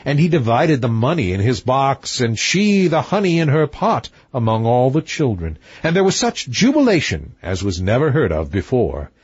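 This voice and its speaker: A man reading a fairy tale aloud as an audiobook, expressive, swinging between high and low. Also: normal speed, few pauses, breathy edge, no room sound. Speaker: audiobook reader. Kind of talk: scripted storybook narration. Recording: dull dry lo-fi recording.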